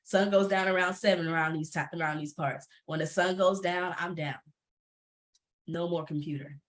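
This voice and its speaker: A woman's voice: lowish voice, steady tone, normal speed. A woman who coaches entrepreneurs, speaking candidly and emphatically on a panel over a video call, laughing often.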